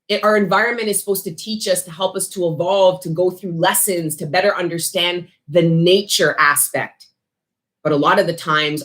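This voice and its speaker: A woman giving a casual spiritual tarot reading, talking bluntly with lots of swearing and street slang. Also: sits low. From Canada. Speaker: tarot reader.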